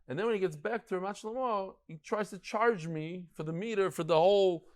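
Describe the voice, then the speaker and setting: Male rabbi lecturing a live class, slightly higher voice, chatty, anecdotal, stumbles and restarts. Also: a little fast. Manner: animated, digressive, tells anecdotes and stories; frequent restarts and stammered repeats. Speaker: rabbi teaching a daily Talmud class.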